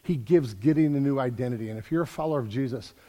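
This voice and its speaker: A man preaching a sermon as a pastor in a church, energetic and repeating words as he builds emphasis. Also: medium pitch, fast talker, big-room sound.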